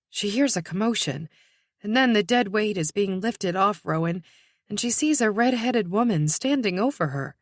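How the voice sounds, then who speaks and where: A woman narrating an audiobook in a tense, measured voice that sinks to a whisper at dark moments. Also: medium pitch, animated, no room sound, clean studio sound. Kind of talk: scripted narration.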